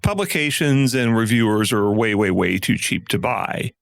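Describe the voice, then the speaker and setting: A man's voice: fairly low pitch, expressive, moderate pace, creaky, no room sound. A man co-hosting a podcast in casual chat, earnestly explaining things at length. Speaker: podcast co-host.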